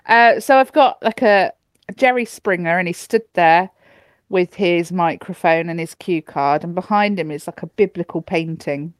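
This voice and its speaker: A woman's voice: on the low side, unhurried, no room sound. A woman co-hosting a casual podcast, chatty and giggly, sometimes ranting. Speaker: podcast co-host. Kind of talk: casual chat.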